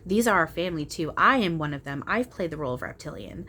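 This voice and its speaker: A young woman talking casually and earnestly at home about her spiritual experiences, animated, with frequent restarts and bursts of laughter. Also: low-pitched, fast, a little hiss or hum. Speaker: spiritual channeler and video host. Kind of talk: casual spiritual chat to camera. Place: at home, small room.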